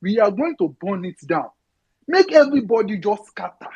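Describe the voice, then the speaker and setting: A woman's voice: medium pitch, sing-song, moderate pace, mellow, slightly rough. A woman with a Nigerian accent who mixes in Yoruba, making an impassioned, near-tearful political appeal, pleading and swearing. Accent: Nigerian, mixing in Yoruba. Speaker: audio-room participant.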